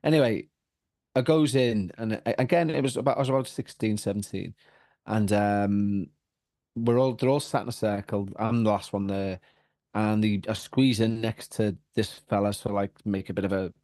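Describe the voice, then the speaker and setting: A man with a Liverpool accent, a podcast guest telling a story in casual chat, animated and full of restarts and repeats. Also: on the low side, normal speed, no echo, studio quality.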